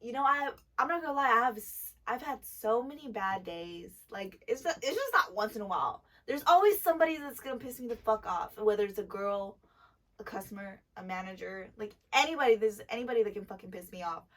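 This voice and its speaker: A young woman co-hosting a casual chat, telling stories animatedly with lots of swearing and loud bursts. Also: mid-range voice, a little fast, recorded from a distance. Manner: animated, profane, loud bursts when retelling anger. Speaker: podcast co-host, dancer.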